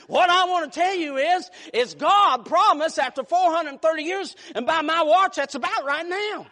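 A man preaching a sermon, moving between quiet, hushed storytelling and loud, shouted passages. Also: very high voice, expressive, moderate pace, few pauses.

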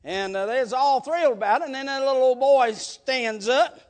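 A man preaching a storytelling sermon in a folksy way, repeating words as he builds up to shouts. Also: very high-pitched, moderate pace.

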